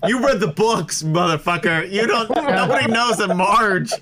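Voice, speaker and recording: A man's voice: high-pitched, normal speed, a crowd in the background. A man running a tabletop game who has the hiccups, laughing and swearing casually between narration. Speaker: game master.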